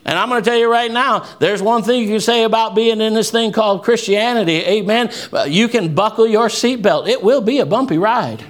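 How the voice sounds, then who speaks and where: A man preaching a fervent sermon and quoting scripture, swinging from low, quiet asides to raised, shouted lines. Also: a little fast, few pauses. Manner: quotes scripture.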